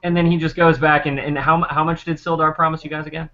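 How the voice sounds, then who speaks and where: A man narrating as game master of a tabletop game, rambling and pausing often for fillers. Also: a little high, level tone, pushed and bright. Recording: muffled lo-fi recording.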